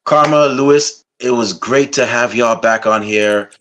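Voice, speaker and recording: A man hosting a wrestling interview podcast, laid-back and reflective, wrapping up with slow sincere words. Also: medium pitch, fairly bright tone. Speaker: podcast host. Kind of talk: casual interview chat.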